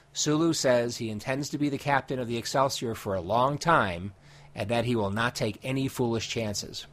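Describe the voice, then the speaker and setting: A man co-hosting a podcast, reading a steady story recap and then chatting with a few fillers. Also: medium pitch. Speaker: podcast co-host summarizing comics. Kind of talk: recap narration and casual chat.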